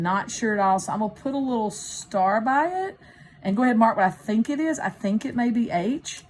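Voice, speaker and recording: A woman's voice: mid-range voice, brisk, a little mellow. A woman teacher demonstrating test-taking, thinking aloud as she works through a practice test. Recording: faint background noise.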